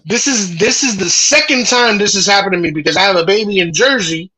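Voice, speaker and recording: A man talks in a loose podcast conversation, worked up and cursing as he vents. His voice sits high and bright with a husky edge. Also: fairly quick, rough recording. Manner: heated, profane storytelling. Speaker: podcast host. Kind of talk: casual chat.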